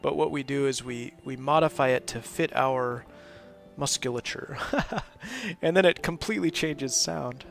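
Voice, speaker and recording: A man's voice: mid-range voice, a little slow, creaky, a bit bright, faint music behind. A man hosting a live game stream, chatting casually and rambling, often breaking into laughs. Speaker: host of a live gaming stream. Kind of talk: casual gameplay commentary.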